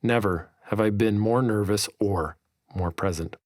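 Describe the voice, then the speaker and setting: A man narrating his own memoir audiobook in a measured, vivid storytelling manner. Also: fairly low pitch, dry recording, clean studio sound.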